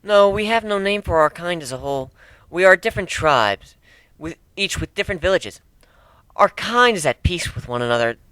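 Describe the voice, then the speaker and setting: A man's voice: sits high, animated, normal speed, bright, forceful tone, clean tone, dry recording, rough recording. A man putting on a fierce cat-woman warrior. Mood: earnest. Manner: accusing, hissing, proud formal speech.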